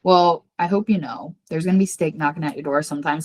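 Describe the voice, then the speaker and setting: An earnest woman with a slightly low voice confides a personal story as a podcast guest. She speaks openly and animatedly, and her voice leaps upward whenever she acts out what someone said. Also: fairly quick. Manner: earnest and confiding, talks about herself by name; animated, jumps high when acting out quoted voices. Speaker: podcast guest, psychic medium.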